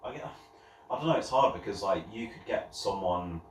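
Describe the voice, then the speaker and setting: A man's voice: low voice, animated, moderate pace. A young man, chatting on a podcast, opinionated and swearing casually. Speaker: podcast co-host. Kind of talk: casual chat. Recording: echoey room, mic at a distance, faint noise.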